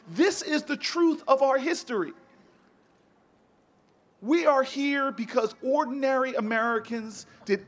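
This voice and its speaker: High-voiced man giving an inspirational speech. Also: fairly bright tone. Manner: storytelling, emphatic, with stumbling repeats. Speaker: commencement speaker.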